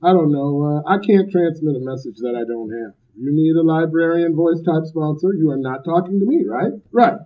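A man speaking at a recovery meeting about his own recovery, blunt and emphatic, loud at times and cracking jokes. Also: on the high side, moderate pace, few pauses. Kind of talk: personal recovery talk. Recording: dull lo-fi recording.

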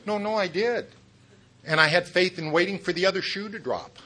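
A middle-aged man tells his story at a recovery meeting, turning his own failings into jokes. His voice is bright and forceful, and he keeps chuckling at his own lines. He throws asides straight at the listeners. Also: sits high, moderate pace. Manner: talks straight to the audience with asides. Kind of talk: humorous personal testimony.

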